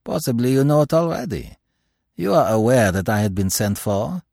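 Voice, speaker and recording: A man voicing a precise older Belgian detective who talks in a measured, grave way with French phrases. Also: medium pitch, animated, vocal fry, darkish tone, no echo, studio quality. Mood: brisk.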